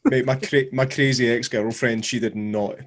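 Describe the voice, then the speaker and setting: A man's voice: medium pitch, fairly even intonation, normal speed. A Scottish man co-hosting a podcast, telling stories in casual banter and swearing freely. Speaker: podcast co-host.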